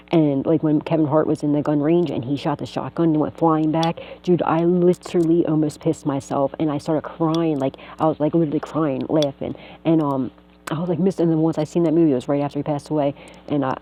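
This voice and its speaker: A woman's voice: low voice, a little hiss or hum, poor audio. Woman telling a story, laughing, swearing. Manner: laughs often, swears freely, animated retelling; acts out quoted voices. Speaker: tarot reader and vlogger. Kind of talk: casual storytelling.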